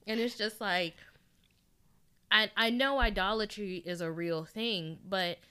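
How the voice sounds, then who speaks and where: A woman's voice: medium pitch, measured pace, sharp tone, smooth. A woman in a casual Bible study discussion, talking animatedly and acting out imagined quotes.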